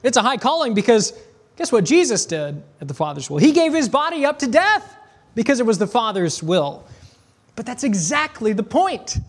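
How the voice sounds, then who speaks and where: High-voiced man preaching a sermon. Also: very animated. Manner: emphatic, slows down on key phrases, reads scripture aloud; rhetorical questions, conversational asides.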